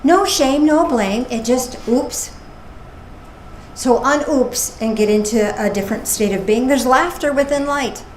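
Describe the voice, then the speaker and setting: A woman minister giving a casual, playful sermon with animated asides. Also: sits high, measured pace. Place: church service. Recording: echoey room with faint noise.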